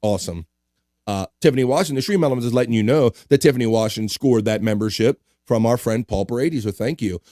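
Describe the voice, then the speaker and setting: A man hosts a casual livestream and reads viewer comments aloud, his voice climbing high with excitement when thanking donors, then dropping back down. The voice sits in a middle pitch and is recorded dry and close. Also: fast talker, no echo. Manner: animated, hypes up donations, jokes crudely. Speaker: livestream host.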